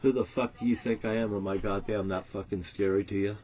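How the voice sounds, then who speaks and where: A man delivering an angry, profane monologue to the camera as a self-styled prophet, swinging between shouted curses and low, muttered storytelling. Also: steady tone, brisk, muffled recording.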